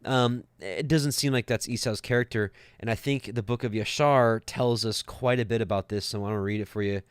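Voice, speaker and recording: A man's voice: fairly low pitch, brisk, smooth, no echo, studio quality. A man teaching scripture casually, rambling with many fillers and restarts and chuckling now and then. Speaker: Bible teacher.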